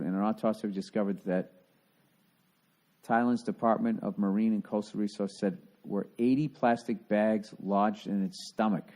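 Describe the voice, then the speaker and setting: A man's voice: lowish voice, darkish tone. A man from Boston hosting a solo podcast, ranting in a profane, sarcastic, rambling way. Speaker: podcast host. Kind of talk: casual solo podcast rant.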